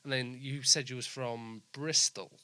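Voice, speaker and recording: A male host with a blended Yorkshire and Brummie accent, chatting in a casual interview. His voice is crisp and forward, recorded close with no room sound. He talks in bursts, restarting his sentences as he gushes. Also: medium pitch, steady tone, bright, forceful tone, dry recording. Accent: mixed Yorkshire and Brummie. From England. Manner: halting, restarts, effusive.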